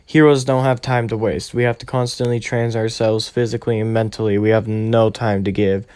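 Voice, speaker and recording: A man's voice: lowish voice, flat delivery, a little fast, a little mellow, smooth, no room sound, lightly acted. A man doing a blunt, weary male teacher. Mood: stern. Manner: blunt and curt. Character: blunt, tired grown man teacher who hates crowds.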